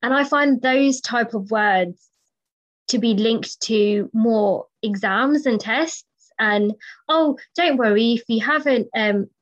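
A British woman hosting a podcast, speaking thoughtfully and with measured pauses and fillers. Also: a little high. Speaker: podcast host. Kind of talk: podcast conversation. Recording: dull lo-fi audio.

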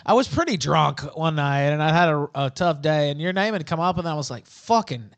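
A man hosting a livestream talk show, relaxed, asking questions and reading out viewer messages. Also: on the high side, fairly quick. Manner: relaxed, reads viewer messages aloud, laughs along. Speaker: host.

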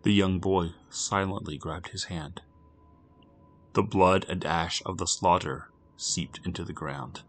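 A man narrating a grim story for a podcast, swinging between loud urgency and hushed, near-whispered passages. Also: sits low, fairly even intonation, a little slow.

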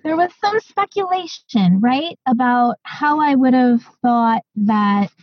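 A woman co-hosting a podcast, chatting casually and excitedly with lots of fillers. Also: high-pitched, takes it slowly, no echo, dull audio. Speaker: podcast co-host. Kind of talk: casual chat.

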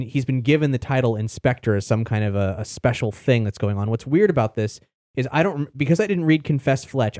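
A man's voice: mid-range voice, warm tone, no echo, studio quality. A man hosting a podcast, talking in a rambling, chatty way and casually swearing. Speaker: podcast host. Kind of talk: casual chat.

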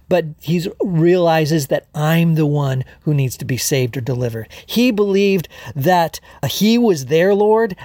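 A man's voice: a little high, darkish tone, dry recording. A male pastor preaching a sermon, explaining word meanings with rhetorical questions and a few fillers. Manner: expository, explains Greek words, rhetorical questions; fillers and restarts.

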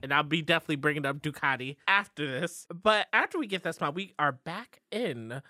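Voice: medium pitch, animated, a little fast, sharp tone, no room sound, studio quality. A podcast co-host chatting casually about a TV episode and acting out the characters' lines. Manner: chatty, acts out lines, laughs along. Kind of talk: casual TV recap chat.

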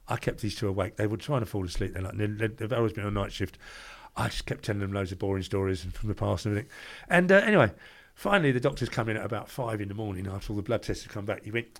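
Older london bloke, rattling off stories quick, doing the voices as he goes. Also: on the low side. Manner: brisk, acts out dialogue in his stories. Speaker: guest, former doorman. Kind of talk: anecdotal storytelling.

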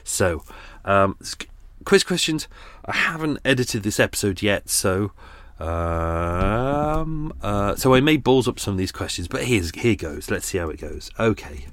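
Podcast host, man, low voice, dry close recording, rambling sweary unscripted chat. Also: lively intonation, unhurried, fairly bright tone, no echo. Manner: rambling, sweary, self-mocking. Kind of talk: unscripted casual monologue. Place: on a narrowboat in London.

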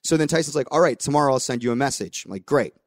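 A man's voice: medium pitch, animated, racing, no room sound, studio quality. A young adult man hosting a podcast, telling a story in casual chat with voiced quotes and the odd swear. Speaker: podcast host.

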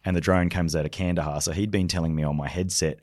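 A middle-aged Australian man with a low, deep voice tells vivid military anecdotes, slipping into the voices of the people he quotes. He sounds close and dry, with no room echo. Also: fairly even intonation, fast, a little mellow. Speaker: leadership consultant, special forces veteran. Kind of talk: storytelling podcast conversation.

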